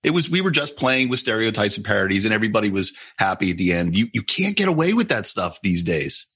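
A man's voice: on the low side, sing-song, fast talker, a bit bright, husky. A man hosting an interview show, asking chatty, curious questions. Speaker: host.

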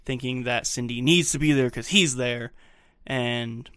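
A man's voice: mid-range voice, unhurried, a bit bright, smooth, no room sound, clean studio sound. A man on a movie podcast who recaps scenes plainly and swears casually. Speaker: podcast co-host.

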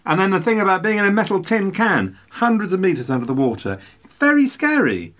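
A man's voice: high voice, expressive, fast talker, fairly bright tone. An older man hosting a podcast, chatty and playful, rambling through stories in casual conversation. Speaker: podcast host. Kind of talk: casual chat.

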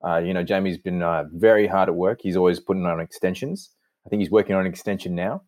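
Brief: low-pitched male host, dry teasing humor, reads scene directions. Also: fast, darkish tone, dry recording. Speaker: host and narrator. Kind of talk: joking chat and scene narration.

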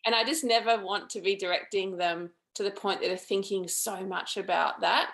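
A woman's voice: medium pitch, fairly even intonation, moderate pace, creaky, a bit bright. A woman filmmaker being interviewed, speaking in a thoughtful, earnest and chatty way. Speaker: documentary filmmaker, guest. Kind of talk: interview conversation.

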